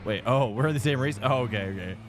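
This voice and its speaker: A man's voice: medium pitch, expressive, quick pace, crowd noise. A man streaming a sim race, chatting casually with lots of ums and uhs, often laughing as he rambles. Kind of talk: casual live-stream chat while racing. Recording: loud music playing behind. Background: loud music.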